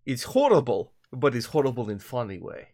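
A man on a podcast doing a parody Russian accent, speaking broken English and making deadpan boasts. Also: medium pitch, moderate pace, lightly acted. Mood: mock boastful. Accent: mock Russian. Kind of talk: podcast comedy bit.

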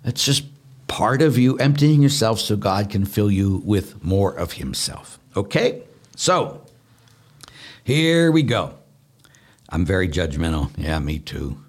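A man speaking as a Catholic priest, giving conversational spiritual teaching in an earnest, animated way, repeating words for emphasis and laughing at himself. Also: lowish voice, slow pace, slightly rough.

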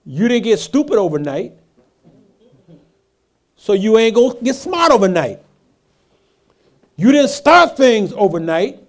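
Male pastor, sermon delivery: unhurried, animated, from quiet asides to loud emphatic peaks. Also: high-pitched. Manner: call-and-response preaching, rhetorical questions to the congregation; swings between hushed asides and loud emphatic lines.

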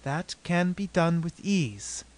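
A man reading aloud, voicing a grave, despairing woman who rules an undersea city and speaks slowly in old-fashioned words. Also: fairly high pitch, lively intonation. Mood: calm. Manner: slow, solemn, old-fashioned speech.

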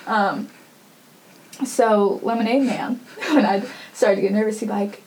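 A woman's voice: medium pitch, measured pace, darkish tone, a little hiss or hum, low-quality recording. A young woman hosting a podcast, telling a story in a chatty, casual way full of fillers and laughter. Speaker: podcast host.

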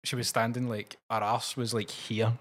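A Scottish man co-hosting a podcast, telling stories in casual chat and mimicking shrill voices. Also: little pitch movement, normal speed, fairly bright tone. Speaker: podcast co-host.

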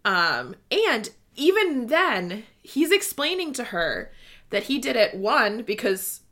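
Bright-voiced gushing woman in casual chat. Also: fairly high pitch, takes it slowly. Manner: gushing, animated, swears freely, reads passages aloud. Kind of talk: casual book discussion chat.

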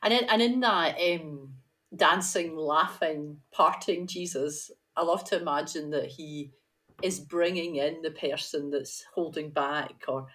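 A woman's voice: deep voice, measured pace, a bit bright. Enthusiastic woman podcast co-host. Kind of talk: casual discussion.

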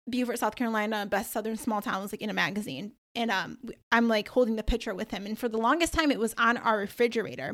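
Young adult woman, career coach and podcast host, casual storytelling turning to upbeat faith talk, a touch high-pitched. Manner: animated storytelling with many likes and ums.

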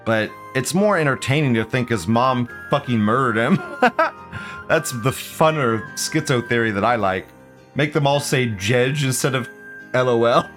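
A man in his thirties riffs through a live commentary stream at an ordinary middle pitch. His talk is loose and profane, broken by frequent laughs and slow, stretched-out mocking words. Soft music plays faintly underneath. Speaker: livestream show host.

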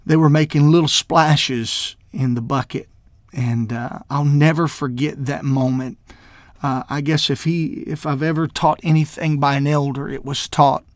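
This man, a minister from Mississippi, tells his own testimony in a stop-start way, restarting often and leaning on fillers, sometimes getting choked up and teary. His voice is a little high, and the studio-quality recording has no room sound.

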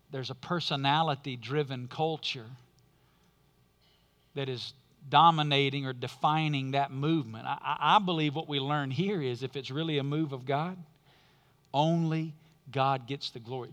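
A male pastor preaching a sermon with emphatic delivery and dramatic pauses. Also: on the high side, fairly bright tone. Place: church sanctuary. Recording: long reverb of a large hall.

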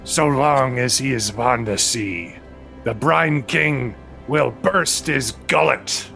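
A man's voice: takes it slowly, gravelly, bright, forceful tone, faint music behind, heavily acted. A man voicing a theatrical male bard who declaims a curse in old-fashioned words. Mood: bellowing. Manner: booming archaic declamation.

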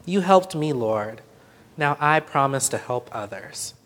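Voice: mid-range voice, expressive, unhurried, a little hiss or hum. A storyteller voicing a poor, tearful hungry man. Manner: soft, tearful, quiet. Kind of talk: storybook reading.

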